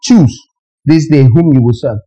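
Animated high-voiced preacher. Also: male voice, measured pace, lo-fi sound. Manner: animated, emphatic, full of rhetorical questions. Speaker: pastor. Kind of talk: sermon.

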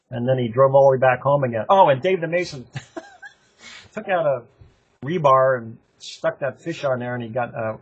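A man's voice: mid-range voice, husky, dull audio. An older man telling rambling, profane stories from his club days in a casual interview, laughing often. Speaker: interview guest, longtime running club member. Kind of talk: casual anecdotal storytelling.

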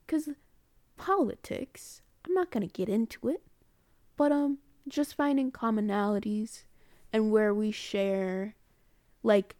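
A woman chats through a story for her own audio diary, wandering off and correcting herself as she goes. Her voice is soft and mellow, and it sits close and dry with no room sound. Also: a little high, no echo. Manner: rambling, chatty, corrects herself mid-sentence. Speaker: student recording a personal audio diary. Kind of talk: casual storytelling monologue.

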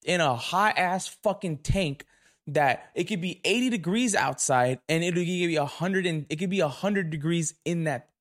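A man's voice: fairly high pitch, moderate pace. A young man hosting a podcast, telling stories in a casual, profane, indignant rant into a camera mic. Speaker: podcast host. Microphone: camera recording.

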